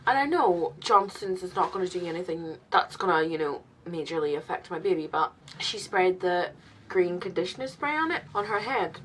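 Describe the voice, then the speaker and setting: Emotional young woman, halting confessional talk. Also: on the low side, animated, a little hiss or hum, low-quality recording. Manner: emotional, halting, many restarts. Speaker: vlogger, new mother. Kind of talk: confessional storytime vlog.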